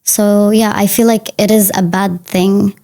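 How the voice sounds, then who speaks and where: A woman's voice: mid-range voice, little pitch movement, unhurried, mellow. A woman answering practice speaking exam questions, hesitant with many fillers. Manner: hesitant, lots of ums and likes. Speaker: exam candidate.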